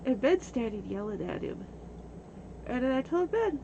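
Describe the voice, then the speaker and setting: A woman livestreaming, telling a story in a casual, animated way and often breaking into laughter. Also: high voice, measured pace, gravelly, pauses often, muffled recording, noisy background. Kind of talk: casual storytelling while gaming.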